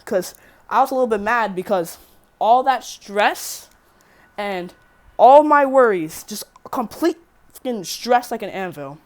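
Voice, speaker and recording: A woman's voice: medium pitch, lively intonation, unhurried. A teenage girl rambling through a casual storytime vlog, swearing freely and correcting herself as she goes. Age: teen. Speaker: vlogger.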